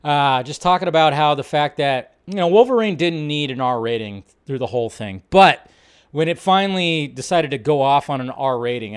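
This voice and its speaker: A man's voice: mid-range voice, clear, resonant tone. A man hosting a live stream, chatting casually and rambling as he reacts to tweets and trailers. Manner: rambling, restarts sentences, reacts aloud. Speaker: host.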